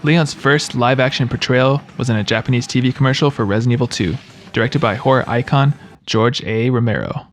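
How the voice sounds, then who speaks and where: A man's voice: medium pitch, fairly quick, soft background music. A man giving scripted video-game trivia narration, with wry, joking asides.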